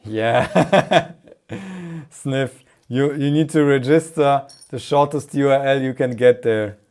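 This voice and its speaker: A man talks his way slowly through a live electronics build, never rushing his words. His voice sits at an ordinary middle pitch. He thinks aloud as he tinkers and laughs easily at his own mishaps. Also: fairly even intonation, darkish tone, smooth. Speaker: maker live streamer.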